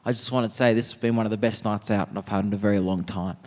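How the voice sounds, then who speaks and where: A comedian doing a gruff old Aussie veteran. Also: male voice, on the low side, steady tone, fast talker, a little mellow, long reverb tail, voice pushed down, lightly acted. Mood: heartfelt. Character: older male war veteran, gruff yet tender.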